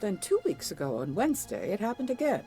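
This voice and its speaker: An actress voicing a guarded, formal flower shop owner in a game, speaking in a wary, clipped way. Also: female voice, medium pitch, huge pitch swings, fast, warm tone, soft background music. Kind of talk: voiced game dialogue.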